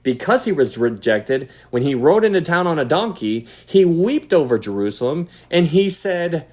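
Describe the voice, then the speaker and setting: A man giving casual Bible teaching to an online audience. He talks in an animated way and drops to a hushed voice for emphasis. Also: a little high, moderate pace. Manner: animated, acts out quotes, drops to a hush for emphasis.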